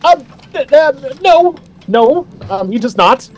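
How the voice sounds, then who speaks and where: Here a man does a high-pitched elf woman who fusses and stammers. She is motherly, keeps squirrels about her, and falters whenever she is asked hard questions, as in a tabletop game. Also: big pitch swings, slow pace, heavily acted. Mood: flustered. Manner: hesitant, stammering.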